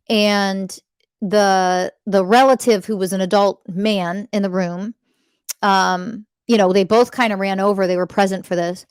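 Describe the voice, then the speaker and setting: A woman's voice: mid-range voice, fairly even intonation, unhurried, clear, resonant tone, no echo, clean studio sound. A woman hosting a spiritual self-help podcast, speaking emphatically and intensely and swearing freely. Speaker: podcast host.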